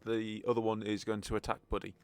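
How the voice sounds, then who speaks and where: A man's voice: lowish voice, flat delivery, fast, smooth. A man narrating a tabletop game as game master, in a wry, joking manner.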